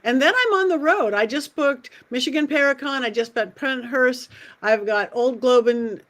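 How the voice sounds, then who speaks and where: A chatty woman host on a video call rambles through her news and plugs. Her voice sits slightly high. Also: normal speed, fairly bright tone. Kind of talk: casual livestream chat.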